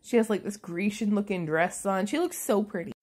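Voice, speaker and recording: A woman's voice: medium pitch, a little fast, a little mellow. A woman recapping a movie in a casual, chatty way, sarcastic and full of swearing.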